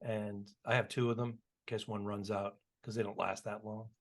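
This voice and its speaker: A man's voice: lowish voice, level tone, normal speed. A man co-hosting a podcast, chatting casually and chiming in with practical asides. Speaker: podcast co-host. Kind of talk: casual chat.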